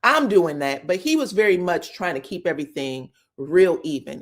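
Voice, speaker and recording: A woman's voice: lowish voice, normal speed, hardly any pauses. A woman recapping reality TV drama in casual gossip, telling it with energy and swearing freely. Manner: animated storytelling, swears freely, acts out what others said; keeps checking in with "you know what I'm saying". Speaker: reality TV commentator.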